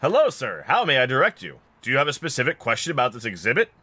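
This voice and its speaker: A man voicing a courteous male automaton guide who speaks calmly and politely. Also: mid-range voice, fast, husky, dry recording, voice pushed up, heavily acted. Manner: courteous, calm.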